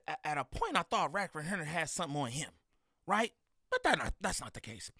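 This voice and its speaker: A man giving loud, slangy reaction commentary on video clips, laughing and mimicking the people in them. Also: high voice, no echo, studio quality. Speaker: reaction streamer.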